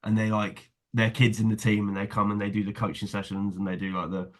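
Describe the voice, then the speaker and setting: A man's voice: lowish voice, level tone, brisk. A young man co-hosting a podcast, chatting in an easygoing, reflective way. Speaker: podcast co-host. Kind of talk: casual chat.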